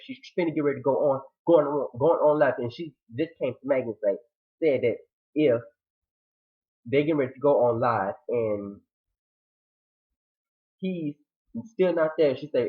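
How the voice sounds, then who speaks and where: A man gives a lively, dramatic recap of a TV episode, jumping into the characters' voices and his own reactions as he goes. His voice sits in an ordinary middle pitch. The audio is thin and narrow, like it came over a phone line. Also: fairly quick. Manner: animated, dramatic retelling with quoted reactions. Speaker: TV show reviewer. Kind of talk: casual recap review.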